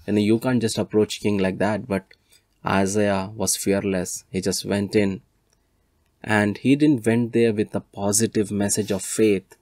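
A man's voice: fairly low pitch, a little mellow, dry recording. A man preaching a sermon, retelling scripture stories in an earnest storytelling way and building to emphatic appeals.

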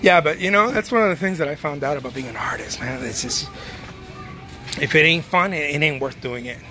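A man's voice: fairly high pitch, expressive, brisk. A man, a painter who runs an art studio, chatting casually to viewers in a rambling, laid-back way, tossing in swears and calling them man and dude. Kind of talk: casual live video chat. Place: grocery store.

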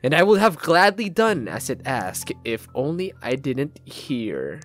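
Man, from the Philippines, let's play gamer, reading game text aloud, dramatic with asides, mid pitch, faint music. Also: sing-song, unhurried, a bit bright.

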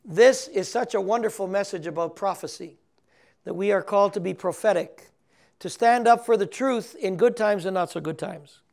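A man's voice: high-pitched, normal speed, vocal fry, darkish tone. An older male priest teaching on scripture, reading passages aloud, chuckling often and checking in with his listeners. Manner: chuckles often, reads scripture aloud, asks the audience questions. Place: recorded for television broadcast.

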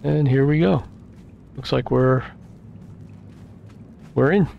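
A man's voice: medium pitch, takes it slowly, gravelly, narrow, tinny audio, a little hiss or hum. A man casually commenting on his own gameplay, thinking aloud with fillers, and losing his voice. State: losing his voice, clearing throat. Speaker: gameplay video host.

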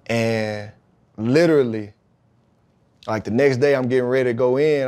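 A man's voice: mid-range voice, normal speed, long pauses, smooth. A man, a podcast guest, telling a personal story in casual, slang-heavy talk and acting out the quoted dialogue. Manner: animated, acts out quoted dialogue; relaxed slang-heavy talk with frequent "you know what I mean". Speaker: podcast guest, pro football player.

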